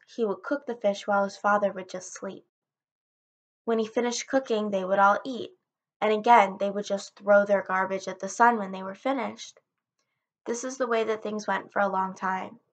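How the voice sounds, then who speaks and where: A woman narrating a folktale in a steady, plain storytelling manner. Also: medium pitch.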